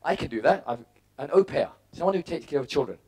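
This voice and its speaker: A man's voice: a little high, animated, fast talker, darkish tone, breathy edge. A middle-aged man giving a motivational talk, telling personal stories and acting out his own thoughts in short punchy bursts. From England. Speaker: motivational speaker.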